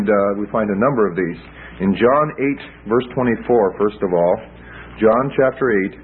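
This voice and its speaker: A man teaching a Bible class, explaining texts with emphasis and taking questions from students. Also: mid-range voice. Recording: tinny lo-fi recording with hiss.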